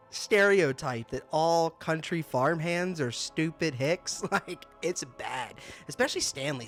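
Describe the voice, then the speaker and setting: On the high side and a bit bright, this young man's voice belongs to the host of a casual book review channel. He comes across exasperated and laughing, frequently stammering and saying things twice.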